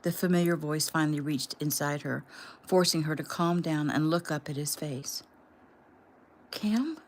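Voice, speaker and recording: Low-voiced woman reading her novel. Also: fairly even intonation. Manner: plain, unhurried reading. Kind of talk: casual audiobook reading. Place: home room.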